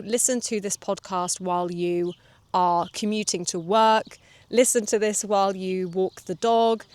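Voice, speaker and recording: A woman hosting a relaxed English-learning podcast, explaining things calmly and drawing out her vowels. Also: mid-range voice. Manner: calm, explanatory, draws out vowels. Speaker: English teacher and podcast host.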